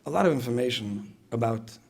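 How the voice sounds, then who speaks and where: Guy lecturing parents, gravelly voice, talks fast, keeps repeating himself. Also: mid-range voice, animated. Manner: repeats phrases, asks the audience questions. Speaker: speaker at a parenting retreat. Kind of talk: conversational lecture.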